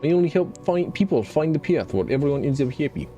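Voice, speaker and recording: A man voicing a mysterious middle-aged fortune teller who drops his articles and speaks in a slow, mystical lilt. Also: fairly high pitch, big pitch swings, dark tone, faint music behind, pitched above the performer's own voice. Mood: soothing.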